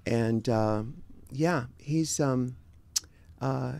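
A man in his sixties from San Diego, chatting casually as an interview guest, relaxed and halting with many fillers and restarts. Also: medium pitch, vocal fry, no echo. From San Diego, United States.

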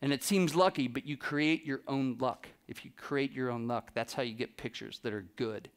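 A man giving a talk to an audience, telling lively anecdotes and acting out the dialogue with a laugh now and then. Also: medium pitch, moderate pace, clear, resonant tone. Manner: animated anecdotes, acts out dialogue, laughs often. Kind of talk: storytelling presentation to a live audience.

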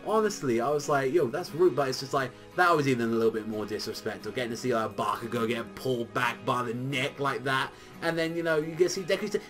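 A young man rambles through a manga review in a loose, animated way, swearing freely and leaning on filler words. His voice sits at a middle pitch. Faint music plays under him. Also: fairly quick. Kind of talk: casual solo review commentary.

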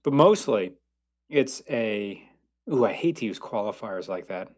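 A man's voice: fairly low pitch, lively intonation, moderate pace, a little mellow, a little hiss or hum. A man guesting on a podcast as a car reviewer, chatting casually and rambling, often correcting himself mid-sentence. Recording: dull lo-fi audio.

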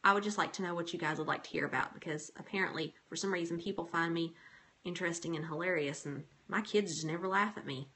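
A woman's voice: fairly low pitch, quick pace, sharp tone, slight background noise. A woman in her thirties hosting a casual livestream, chatting, joking and rambling with a giggly, self-mocking manner. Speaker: homemaking livestream host.

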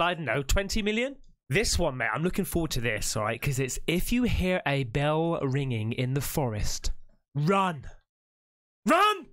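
A man hosting a reaction video, chatting in an excitable, slangy way into a close mic. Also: a little high, no echo. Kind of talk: casual chat.

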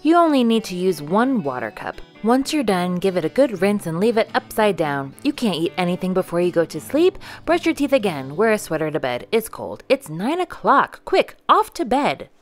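A woman voicing a strict father who fires off brisk, nagging orders to his child. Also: medium pitch, very animated, faint music behind, close to an everyday voice. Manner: brisk rapid-fire commands.

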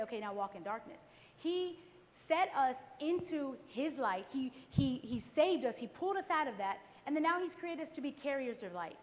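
A woman giving a testimony sermon at a church worship service, telling stories lively and acting out her own past thoughts. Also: high-pitched. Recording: echoey live church recording.

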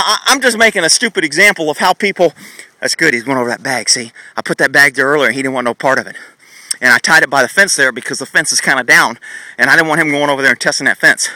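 A blunt, sarcastic man explains horse training as he rambles on. His voice sits high for a man and rings very bright. The sound is dry, from a phone filming outdoors in a paddock. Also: fast talker, no echo, poor audio. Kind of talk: casual teaching vlog. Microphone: phone camera held while filming.

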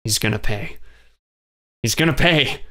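A man's voice: animated, a little slow, a bit bright. A man reading an audiobook, voicing an anxious, apologetic young woman in a raised voice. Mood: angry. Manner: high, upset, apologetic.

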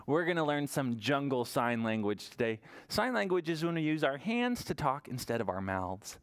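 Man, children's librarian, sing-song toddler story time voice, mid pitch, animated. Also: normal speed, smooth.

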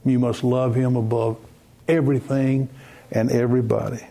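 A man preaching a broadcast sermon, earnest, repeating words and slowing down to stress his points. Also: medium pitch, flat delivery, gravelly, mellow. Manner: earnest, repeats words, slow emphatic phrasing.

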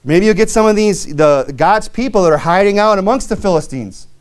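A man preaches with a clean, animated voice at a brisk pace, earnest and plainspoken, using many conversational fillers. As he reads King James scripture, he rises in pitch on key verses.

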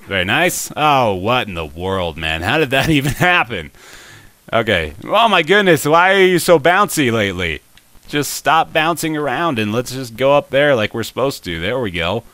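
A young man giving let's play commentary, excitable and talking to the game, with frustrated exclamations and laughs. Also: medium pitch, moderate pace, no room sound. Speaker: gameplay commentator.

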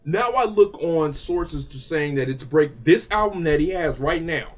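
A man's voice: fairly high pitch, expressive, unhurried. Exasperated man ranting to camera. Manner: exasperated, profane, repeats himself for emphasis. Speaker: music reaction vlogger. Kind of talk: casual heated rant to camera.

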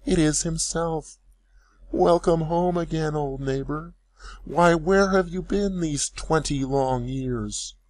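A man putting on a high, astonished old village woman. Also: a little mellow, no echo, low-quality recording. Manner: high, drawn-out exclamations.

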